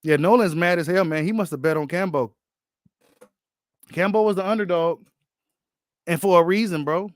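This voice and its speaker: A man hosting a boxing channel, giving casual, animated reaction commentary full of slang and repeated phrases. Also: high-pitched, normal speed, pauses often, dry recording.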